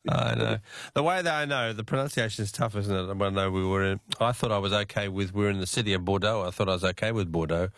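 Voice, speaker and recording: A man with an Australian accent hosting a talkback radio quiz, chatty and quick to laugh with callers. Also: on the low side, vocal fry, fairly bright tone, no echo, clean studio sound.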